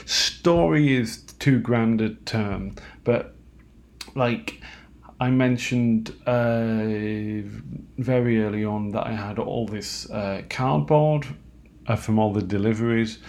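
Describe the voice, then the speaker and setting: A man talking alone at home late at night, halting and self-mocking, with lots of fillers and restarts. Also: on the low side, darkish tone. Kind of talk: rambling late-night monologue.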